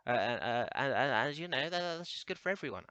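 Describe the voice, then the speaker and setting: Stammering young man with a bright, dry voice. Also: mid-range voice, animated, fast, no room sound, dull audio. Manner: stammering, crude, rambling, with frequent restarts. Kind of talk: rambling comedic monologue.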